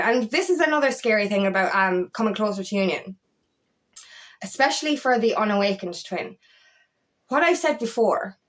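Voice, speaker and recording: Emphatic, swearing woman coach, higher voice. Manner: emphatic, swears freely, rising to exasperated outbursts. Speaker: feminine empowerment coach. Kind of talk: casual talk to camera.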